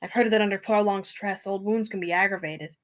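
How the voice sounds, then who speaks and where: A woman's voice: medium pitch, steady tone, fairly quick, a bit bright, lightly acted. Woman voicing a fretful male kidnapper. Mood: worried. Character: anxious male kidnapper, worried for a hostage. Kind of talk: reading a visual novel aloud with voices.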